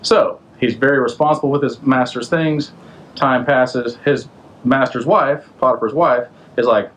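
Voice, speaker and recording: A man's voice: mid-range voice, measured pace, low-quality recording. Male podcast host, mid-range voice, casual slangy storyteller. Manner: conversational, loose, slangy, asks the listener questions. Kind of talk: casual retelling of a Bible story.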